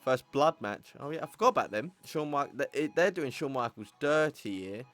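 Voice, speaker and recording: A man hosting a gaming channel, chatting through game results in a playful put-on accent and exclaiming at surprises while calling viewers ladies and gentlemen. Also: mid-range voice, expressive, normal speed, faint music behind. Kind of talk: casual gameplay commentary.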